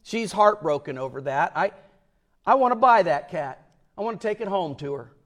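A man's voice: sits high, expressive, moderate pace, a bit bright. A man voicing a sly male antique dealer who acts casual and insistent, in a joke told during a sermon. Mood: fake casual, insistent.

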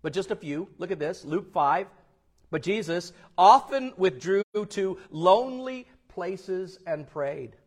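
A male pastor preaching a sermon, telling stories and acting out the people in them with big swings in loudness. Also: high voice, animated, slow. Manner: storytelling, acts out quoted voices with big swings in loudness.

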